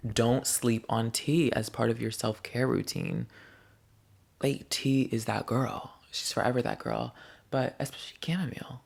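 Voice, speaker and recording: With a gravelly, mid-range voice, a young man chats directly to the camera in a casual vlog, stretching out his words as he rambles in a playful, candid way.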